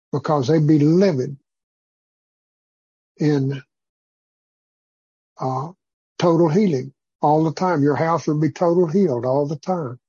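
Man leading a church group: husky, mellow, rambling preacher style, muffled lo-fi sound. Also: a little high, no echo. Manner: rambling, preacherly, with many fillers. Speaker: group leader. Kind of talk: informal church group teaching.

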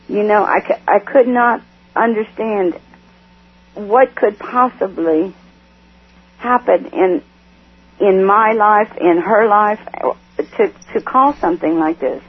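A middle-aged woman giving a tearful personal testimony, speaking haltingly with many restarts and repeated words. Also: mid-range voice, breathy edge. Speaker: guest. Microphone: telephone. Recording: tinny phone line.

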